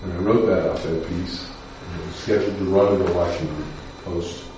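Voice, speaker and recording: A man, a defense lawyer, telling a personal story in a measured, somber way with pauses and fillers. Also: low voice, fairly even intonation, recorded from a distance, noisy background. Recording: echoey room picked up from afar.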